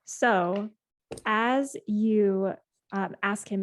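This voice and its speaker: A woman's voice: medium pitch, moderate pace. A woman game master narrating a tabletop game in meandering descriptions full of fillers.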